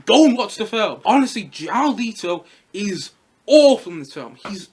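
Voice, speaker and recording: A man's voice: high-pitched, big pitch swings, moderate pace, darkish tone, slightly rough. A man giving a casual, chatty film review, often repeating himself. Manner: chatty, repeats himself, mocks in put-on voices.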